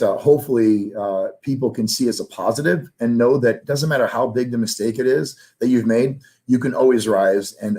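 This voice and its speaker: A man's voice: medium pitch, poor audio. A middle-aged man, a sales trainer and life coach, speaking candidly and emotionally as an interview guest, his voice rising when he gets passionate. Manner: earnest and emotional, grows louder when passionate.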